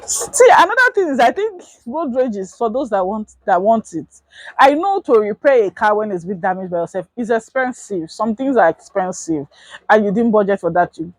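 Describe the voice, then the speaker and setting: A woman's voice: mid-range voice, moderate pace, no echo, rough recording. A young woman with a Nigerian accent telling a casual storytime, acting out quoted people in a raised voice. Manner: animated, acts out quotes in raised voice. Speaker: vlogger.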